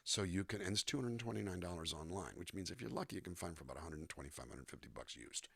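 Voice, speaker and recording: A man with a very low, husky voice talks about his craft in a lively, swooping way. He often breaks into little demonstrations of delivery and accents. The sound is close and dry, with no room around it. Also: fast, no echo. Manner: animated, demonstrates line readings and accents. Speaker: guest voice actor and musician. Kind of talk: conversational interview.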